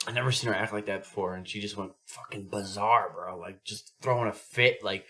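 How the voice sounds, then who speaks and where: A man's voice: fairly low pitch, a little fast. A man co-hosting a podcast, telling stories in casual chat, swearing a lot and acting out what people said. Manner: animated storytelling, heavy swearing, acts out quotes. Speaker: podcast co-host.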